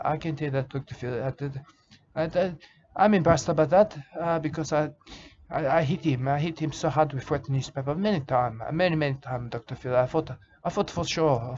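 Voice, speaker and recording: A man playing a rambling, drunk bushman who talks in halting broken English, full of "uh" and repeated phrases, in an improvised comedic monologue, on a slightly dull lo-fi recording with faint hiss. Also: on the high side, darkish tone, natural voice. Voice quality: broken grammar, calls listener "mate". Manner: halting, lots of "uh" and repeated "I can tell you".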